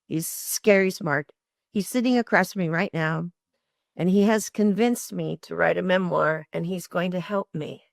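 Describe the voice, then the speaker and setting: An older woman telling lively, expressive stories as an interview guest, often laughing. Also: fairly low pitch, normal speed, gravelly, no room sound, clean studio sound. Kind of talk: animated storytelling.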